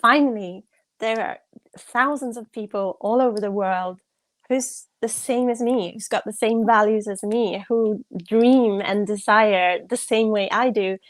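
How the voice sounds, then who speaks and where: A woman's voice: medium pitch, unhurried, no room sound. Earnest reflective woman guest, dry sound. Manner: earnest and reflective, with soft laughs. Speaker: podcast guest. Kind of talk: casual conversation.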